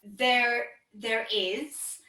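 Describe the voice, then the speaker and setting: A woman's voice: on the high side, steady tone, extremely slow, bright, forceful tone, reverberant, recorded from a distance, poor audio. A woman vocal coach explaining technique in a conversational interview, with many fillers and frequent laughs.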